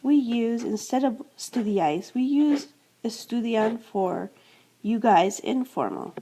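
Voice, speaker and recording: A woman's voice: on the high side, expressive, unhurried, warm tone, husky. A woman teaching a grammar lesson, explaining step by step, repeating verb endings and answering her own questions. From United States. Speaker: Spanish teacher. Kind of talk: classroom-style grammar lesson.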